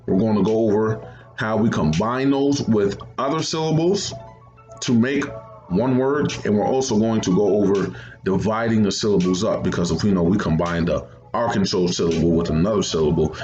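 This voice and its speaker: A man's voice: fairly low pitch, a little mellow, echoey room, lo-fi sound. A man teaching a second grade phonics lesson, patiently repeating each step.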